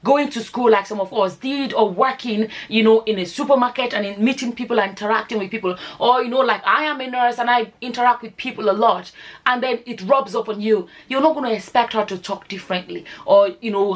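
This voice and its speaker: A Nigerian woman with a Nigerian accent giving her views on a casual vlog, firing off rhetorical questions and slipping into Nigerian Pidgin. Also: a little high. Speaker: vlogger.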